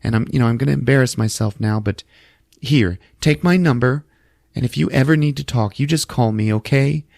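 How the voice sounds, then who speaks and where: A man voicing a sweet older woman who is gentle and consoling, kind and a little apologetic. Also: mid-range voice, brisk, creaky, no room sound, clean studio sound, voice pushed up. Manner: kind, eager, slightly apologetic.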